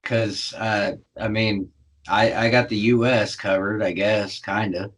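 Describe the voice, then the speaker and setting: A man's voice: on the low side, steady tone, unhurried, slight background noise. A man co-hosting a podcast in casual chat, hesitant and full of fillers.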